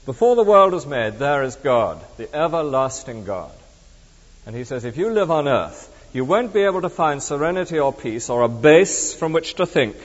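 A middle-aged man preaching, his voice leaping about in pitch as he moves between emphatic declarations and hushed asides. He sounds conversational rather than stiff. The recording is muffled and lo-fi, with a long reverb trailing each phrase. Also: sing-song, moderate pace. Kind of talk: sermon. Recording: dull reverberant hall recording.

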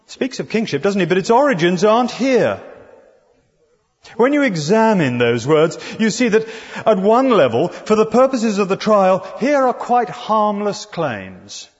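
A man's voice: high voice, sing-song, unhurried. A man preaching an expository sermon, talking conversationally and putting rhetorical questions to his listeners. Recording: dull recording in a reverberant hall.

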